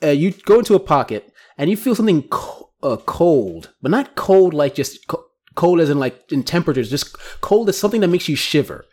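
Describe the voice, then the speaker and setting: A man with a slightly high voice runs a tabletop game as game master. He narrates scenes briskly, tripping over a word now and then but pressing on. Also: very animated, darkish tone. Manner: descriptive, brisk, with small stumbles.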